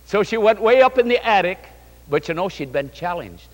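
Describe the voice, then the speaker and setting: Animated male preacher in an echoing hall. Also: sits high, brisk. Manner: animated storytelling, addresses the congregation. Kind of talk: sermon.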